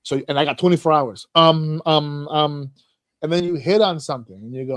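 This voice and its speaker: Podcast host, man, high-ish voice, dry close mic, profane and animated, slips into mocking voices. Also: normal speed, no echo. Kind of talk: casual chat.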